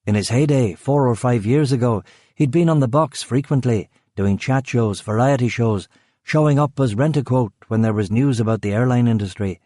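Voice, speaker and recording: A man reading a crime thriller audiobook in measured scripted narration. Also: medium pitch, mellow, no echo, studio quality.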